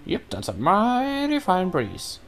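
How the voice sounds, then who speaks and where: A man's voice: high voice, huge pitch swings, slow pace, soft background music, pitched above the performer's own voice, full character voice. A man voicing a cheerful male wind god from a video game as he reads the game dialogue aloud in a raised, drawling voice. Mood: folksy.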